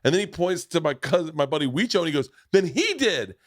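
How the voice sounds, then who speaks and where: A man telling a story in a casual chat, acting out quoted voices loudly as he goes. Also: on the high side, racing, no room sound, studio quality. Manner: animated storyteller, acts out loud quoted voices. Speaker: comedian podcast co-host.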